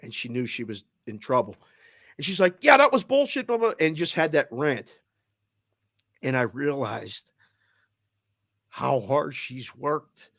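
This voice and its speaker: A middle-aged man with a Boston accent, who hosts a sports betting show, casually tells a heartfelt family story, animated and full of quoted voices. His voice is mid-range and a bit bright, on a dry, clean studio recording.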